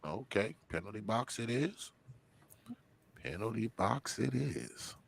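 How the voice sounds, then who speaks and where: A man's voice: fairly low pitch, sing-song, takes it slowly, gravelly. A man hosting a casual online panel game, joking, laughing and often repeating himself. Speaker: game show host.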